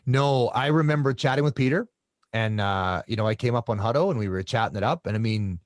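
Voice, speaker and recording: A man's voice: medium pitch, fairly quick, no echo, clean studio sound. A man from Canada, a coach, telling his story as an interview guest in a rambling way with many restarts.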